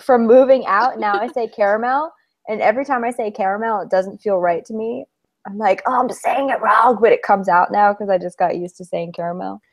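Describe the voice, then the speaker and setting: A woman's voice: mid-range voice, fairly even intonation, brisk. Chatty young woman podcast co-host. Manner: chatty, tells stories, laughs often. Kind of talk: casual chat.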